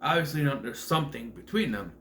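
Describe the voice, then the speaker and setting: In a meandering, filler-heavy film review, this man often restarts and fixes his own words. His medium-pitched voice is animated, fast and a bit bright, with slight background noise.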